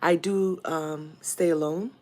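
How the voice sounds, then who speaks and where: A woman's voice: deep voice, fairly even intonation, takes it slowly, mellow. A young woman from Nigeria with a Nigerian accent, chatting casually on a home livestream and greeting viewers by name. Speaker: livestream host.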